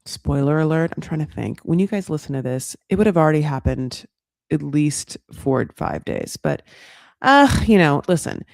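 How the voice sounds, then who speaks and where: Animated, gravelly-voiced sarcastic woman host. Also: deep voice, moderate pace, no echo, clean studio sound. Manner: animated, sarcastic, swears freely. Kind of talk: comedic reality TV recap commentary.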